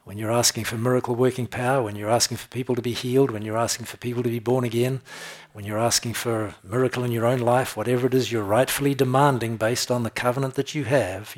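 A man preaching a sermon, reading scripture with slow, stressed phrases and chatting to his listeners between verses. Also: mid-range voice. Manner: conversational asides with soft laughs.

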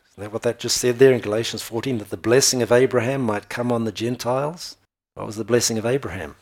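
A man preaching a sermon, reading Bible verses aloud and explaining them in plain, conversational asides. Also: fairly low pitch. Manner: reads verses louder and slower, then explains in plain asides.

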